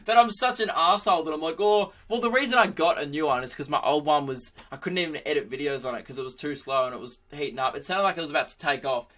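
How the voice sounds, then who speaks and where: Bright-voiced Aussie comedian ranting. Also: male voice, fairly high pitch, fast, few pauses. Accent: Australian. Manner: rambling, swearing, self-mocking. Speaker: comedian podcast host. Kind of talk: comedic monologue.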